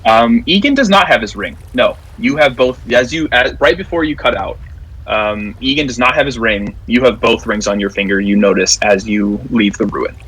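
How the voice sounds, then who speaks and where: A man narrating as game master of a tabletop game, describing scenes in a halting way with many fillers. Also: mid-range voice, a bit bright, slightly rough, low-quality recording.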